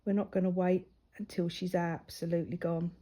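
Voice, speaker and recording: Brisk and mellow, a woman's lowish voice stays fairly level in pitch. While colouring, this crafting vlogger, mother of a grown daughter, chats casually and rambles through a personal story, her voice often fading to a near-whisper.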